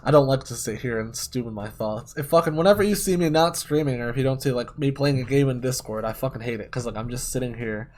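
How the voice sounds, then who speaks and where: A man's voice: mid-range voice, quick pace, hardly any pauses, a little mellow. A man streaming a game, telling a long story in a rambling, heavily profane way. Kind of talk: casual storytelling while gaming.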